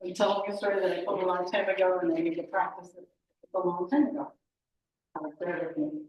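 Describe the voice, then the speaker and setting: A woman telling a story aloud to a small group, animated and correcting herself as she goes, recorded from far away in a historic house. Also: fairly low pitch, brisk, lo-fi sound. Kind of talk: live oral storytelling. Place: meeting room of a historic house. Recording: very echoey room, distant mic.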